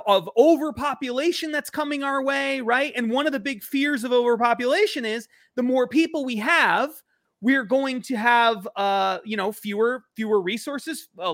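A man's voice: extremely high pitch, fairly bright tone, dry recording. A man co-hosting a casual political talk show, earnest and thinking aloud as he goes. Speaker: podcast co-host.

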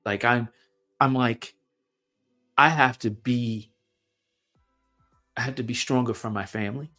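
A young man hosting his own show, talking through personal reflections in a halting way with lots of fillers and repeated words. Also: medium pitch, fairly even intonation, pushed and bright, faint music behind. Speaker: podcast host. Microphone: camera mic.

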